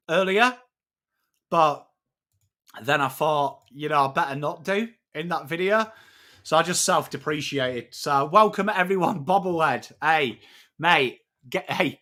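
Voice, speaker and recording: An English man hosting a live footy stream, chatting matily with viewers and breaking down trades, swearing now and then. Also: fairly high pitch. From England. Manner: matey, excitable, swears freely, greets chat by name. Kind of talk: casual live-stream chat and trade analysis.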